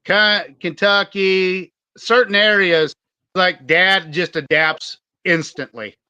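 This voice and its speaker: A man with a high, bright voice tells rowdy, profanity-laced stories in a casual podcast chat. The sound is dry and close. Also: steady tone, slow, clean tone, no room sound, lo-fi sound. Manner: profane, storytelling, swears a lot. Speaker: podcast co-host.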